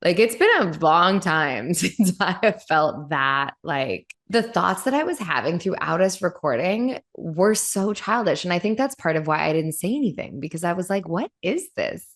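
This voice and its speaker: A woman podcast host talks in a loose, candid chat, pitched a little low for a woman. She rambles freely and fills her talk with "like.". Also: expressive, normal speed, few pauses. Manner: candid, rambling, says "like" often. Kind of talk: casual chat.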